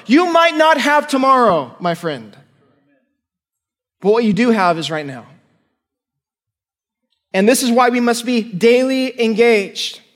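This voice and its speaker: A man's voice: very high-pitched, sing-song, slow, long pauses, fairly bright tone. A male pastor preaching a sermon in an earnest, emphatic way, often asking his listeners questions. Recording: long hall reverb.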